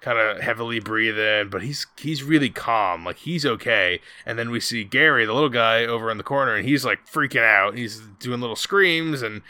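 A man co-hosting a podcast, casually retelling a film scene in a rambling, profane, animated way. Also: mid-range voice, moderate pace, few pauses, smooth, no echo. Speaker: podcast co-host.

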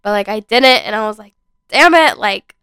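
A woman's voice: mid-range voice, fairly even intonation, brisk, a bit bright, clean tone, dry recording, studio quality. A young woman co-hosting a podcast, talking candidly and emotionally in casual chat, while sick. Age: young adult. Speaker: podcast co-host.

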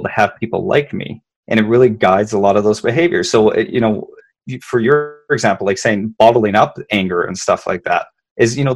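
A man's voice: on the low side, creaky, husky. A man, a leadership consultant, explaining emotions conversationally, often repeating words and checking in with "right?".

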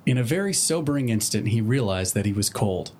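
A man reading a story aloud in a deadpan narrating manner. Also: on the low side, a little fast, a little hiss or hum.

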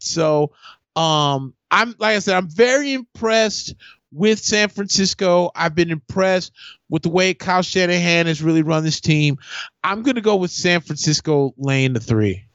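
A man with a fairly high voice co-hosts a casual sports talk. He analyzes the game with lots of fillers and restarts. His voice comes through muffled and dry, like call audio. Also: a bit bright, no room sound. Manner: hesitant, filler-heavy analysis.

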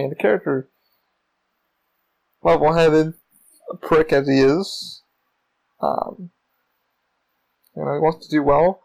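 A man hosting his own podcast, telling stories in a casual solo monologue, rambling and excitable and swearing often. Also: a little high, vocal fry, poor audio. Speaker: podcast host.

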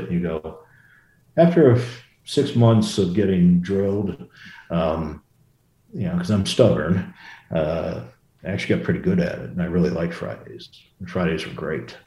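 Middle-aged male storyteller, very low mellow voice, roomy echo, rambling anecdotal delivery. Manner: rambling, self-correcting anecdotes with quoted voices. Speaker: former fighter pilot guest. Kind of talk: storytelling in a casual interview.

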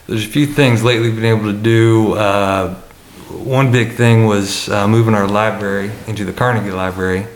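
A man's voice: fairly low pitch, fairly even intonation, moderate pace, hardly any pauses, reverberant. A man who works as a college administrator, answering questions on a panel in a hesitant way, with many fillers and restarts.

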